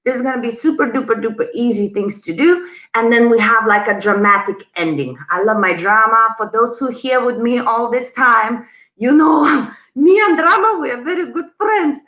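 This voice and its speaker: A woman's voice: on the high side, moderate pace, fairly bright tone, roomy sound, poor audio. A woman teaching a live online dance lesson, chatty and bubbly, counting the beats aloud as she goes. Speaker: dance instructor.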